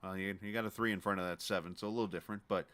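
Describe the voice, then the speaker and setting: A male race-broadcast host chats with the winner, halting and jokey in his delivery. His voice sits a little low, yet it has a bright, forward edge. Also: steady tone. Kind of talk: sim racing broadcast commentary.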